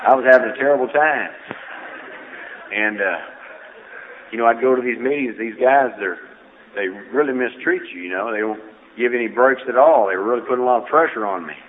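A man's voice: mid-range voice, fairly quick, long pauses. A man giving a personal testimony at a recovery meeting, telling his story in a folksy, humorous way. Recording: tinny phone-like audio with faint noise.

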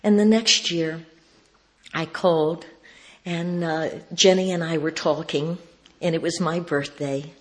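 A woman with a notably low voice shares her recovery story before a meeting. She talks in a folksy, wry way, slipping into the voices of the people in her tale. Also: steady tone, a little slow. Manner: folksy, wry, acts out quoted dialogue. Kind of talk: personal storytelling talk.

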